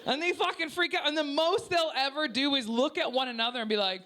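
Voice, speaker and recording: Loud, brash Canadian woman doing stand-up. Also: sits high, a little fast, hardly any pauses. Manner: loud, brash and profane, teasing the crowd. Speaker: stand-up comedian. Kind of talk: stand-up set at a work-in-progress preview. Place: small comedy club before a live audience.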